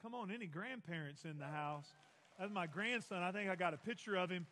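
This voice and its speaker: A pastor in his forties preaching a sermon in a large church, telling stories with animated, self-mocking humor. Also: high voice, brisk, a little hiss or hum. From Texas. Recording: long reverb of a large hall.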